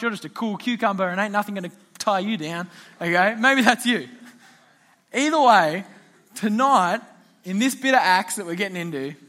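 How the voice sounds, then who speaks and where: Bright chatty man. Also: sits high. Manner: chatty storyteller, laughing often. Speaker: youth pastor. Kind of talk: casual youth talk.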